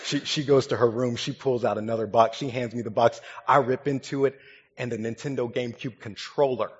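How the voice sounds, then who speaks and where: A young man, a pastor, gives a sermon built on a funny childhood story, talking in a relaxed, conversational way. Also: medium pitch, a little fast. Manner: humorous, conversational, lively storytelling. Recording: dull sound with long hall reverb.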